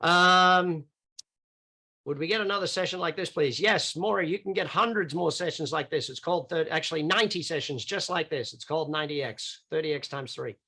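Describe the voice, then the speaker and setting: A middle-aged Australian business coach answers questions over a video call in a chatty, off-the-cuff live online coaching session. His voice is a little high, fairly quick, and sharp in tone.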